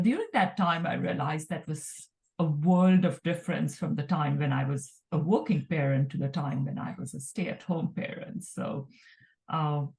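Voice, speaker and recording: A middle-aged woman from India, a guest speaking in a relaxed, thoughtful way with many fillers. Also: low voice, gravelly. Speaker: guest entrepreneur. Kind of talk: casual interview talk.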